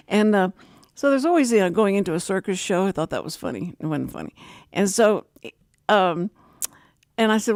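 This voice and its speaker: A woman hosting a talk radio show, telling personal stories in a rambling, animated way. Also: medium pitch, normal speed, pauses often, no room sound, clean studio sound. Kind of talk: casual talk radio chat.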